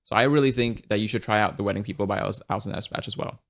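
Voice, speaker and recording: A man's voice: lowish voice, rapid-fire, gravelly, fairly bright tone. A man giving a casual, blunt book review, swearing freely and often restarting his sentences. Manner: blunt and profane, with frequent restarts.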